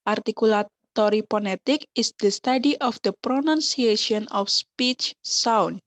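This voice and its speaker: A young woman with an Indonesian accent giving a class presentation, halting and switching between English and Indonesian to explain terms. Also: on the high side. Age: young adult. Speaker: student presenter. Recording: muffled lo-fi recording.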